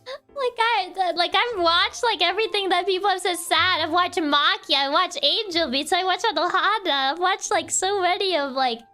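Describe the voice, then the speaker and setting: A woman's voice: very high-pitched, moderate pace, bright, forceful tone, faint music behind. A woman streamer in casual chat with her viewers. She is chatty, laughs often and fills her talk with "like". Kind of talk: casual chat while reading viewer messages.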